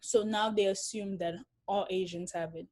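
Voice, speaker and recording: A woman's voice: mid-range voice, steady tone, normal speed, a little mellow. Blunt young woman from africa, swears a lot, just chatting in an interview. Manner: blunt and outspoken, swears freely. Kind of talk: casual interview answer.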